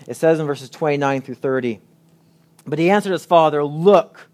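A man delivering a sermon in an earnest preaching manner, his voice sitting a little on the high side. He reads scripture aloud and drives home each point with deliberate pauses. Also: a little mellow.

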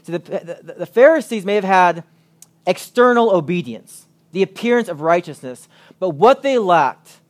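Earnest male preacher, slightly high voice. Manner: earnest preaching, reading scripture aloud with emphatic pauses. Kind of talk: sermon.

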